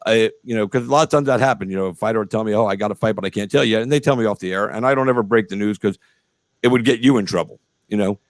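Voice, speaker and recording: A man's voice: fairly low pitch, rapid-fire, dry recording. A middle-aged man hosting a casual interview show over a video call, talking in long rambling stretches full of fillers and swearing. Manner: rambling, profane, lots of fillers.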